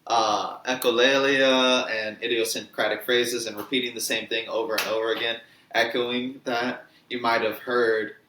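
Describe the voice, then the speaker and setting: A man's voice: medium pitch, level tone, normal speed, sharp tone. A man co-hosting a casual chat, earnestly explaining a list with fillers. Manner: earnest, reads out lists with fillers. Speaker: podcast co-host. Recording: echoey room with faint noise.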